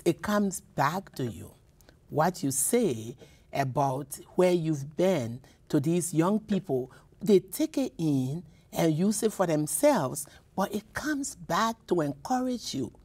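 A woman's voice: low voice, lively intonation, slow pace, darkish tone, slightly rough. A woman from Liberia, a poet and professor, telling personal stories in a radio interview, with many repeats and restarts. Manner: emotional, repeats words, restarts often.

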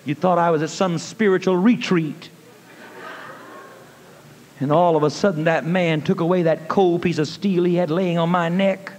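A man preaching a sermon, telling a story in a folksy manner, calling listeners honey and rising to shouted praise. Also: on the high side, steady tone, moderate pace. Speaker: evangelist. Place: church. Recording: long reverb of a church hall.

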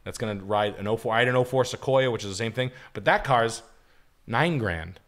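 A man's voice: mid-range voice, animated, fairly quick, a bit bright. A man co-hosting a livestream, rambling and profane as he gives blunt opinions on houses and cars. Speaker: co-host. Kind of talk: livestream casual chat.

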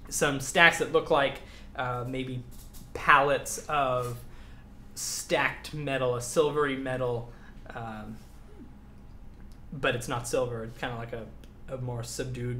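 A man narrating as game master for a tabletop game, hesitant with many pauses and laughing often. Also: mid-range voice, bright, forceful tone. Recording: echoey room, faint noise.

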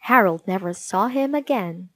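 A woman reading a children's storybook aloud, gently and clearly. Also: medium pitch, expressive, moderate pace, no echo.

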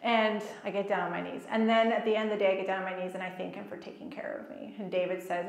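A woman giving a personal, storytelling talk at a faith gathering, lively and self-mocking, often laughing at herself. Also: medium pitch, fast talker, gravelly, hardly any pauses, a little hiss or hum. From child of Egyptian parents, raised in America. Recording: echoey hall.

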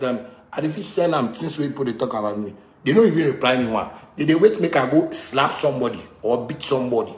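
A man with a Ghanaian Pidgin English accent delivering a heated, repetitive rant that swings from shouting to muttering. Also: fairly high pitch, gravelly, roomy sound. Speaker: musician ranting to camera. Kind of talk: angry rant.

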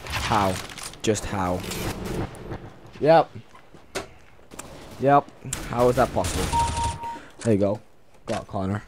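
A man giving live gameplay commentary, reacting out loud and swearing a lot as he plays. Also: lowish voice, takes it slowly, pauses often, background noise. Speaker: gaming channel host. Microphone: desk mic on a stand. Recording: loud gunfire under the voice. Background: shooter game gunfire.

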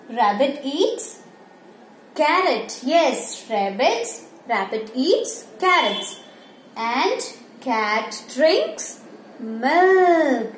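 A woman teacher going over animals with young children, asking questions, answering them herself and imitating animal sounds. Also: high-pitched. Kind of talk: slow classroom revision for young children. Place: school classroom. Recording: echoey room with faint ambient noise.

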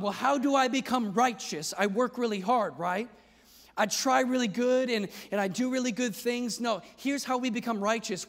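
A male pastor preaching a sermon with impassioned delivery, at times rising to a shout. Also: extremely high pitch. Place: large church hall. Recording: long reverb of a large church hall.

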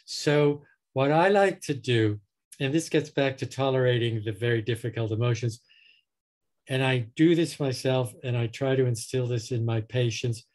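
A man's voice: medium pitch, darkish tone. A man, a psychotherapist, explaining his clinical approach through patient stories with dry humor, recorded over a video call. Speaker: psychotherapist guest.

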